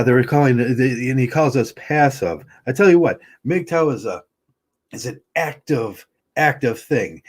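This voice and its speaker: A man's voice: medium pitch, slightly rough. A man hosting a livestream, ranting heatedly and bluntly, often stumbling and restarting his words. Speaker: livestream host.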